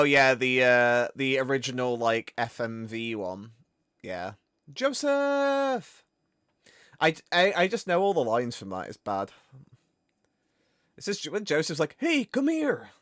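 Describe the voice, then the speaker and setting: A man hosting a game stream, chatting casually in a rambling, animated way. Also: on the high side, smooth, no room sound, studio quality. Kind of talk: casual chat.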